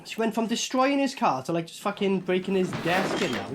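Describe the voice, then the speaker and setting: A man's voice: high-pitched, a little fast, noisy background. Sweary man reacting to a movie. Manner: sweary, animated, laughing asides. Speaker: movie reviewer. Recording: film soundtrack playing behind.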